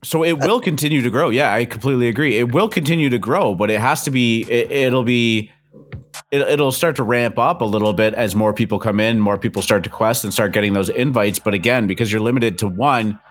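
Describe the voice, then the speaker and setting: A man co-hosting a casual online show, explaining things in a relaxed way. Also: medium pitch, fairly quick. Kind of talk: casual podcast chat.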